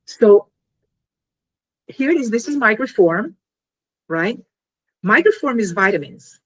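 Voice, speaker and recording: A woman in an interview explaining her invention in an animated, casual way, full of fillers and little acted-out scenes. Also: mid-range voice, breathy edge.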